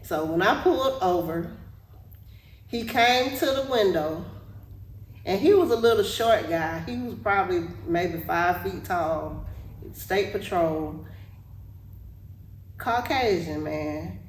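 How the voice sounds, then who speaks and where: A woman podcast co-host telling a story in casual chat, animated and laughing often. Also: fairly low pitch, takes it slowly, pauses often, far from the mic. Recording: echoey room, off-mic, faint noise.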